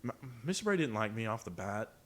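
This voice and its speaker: A young man on a podcast, telling school stories in an excitable, casual way. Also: lowish voice, fast talker. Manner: lively, excitable storyteller. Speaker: podcast co-host. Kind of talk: casual storytelling chat.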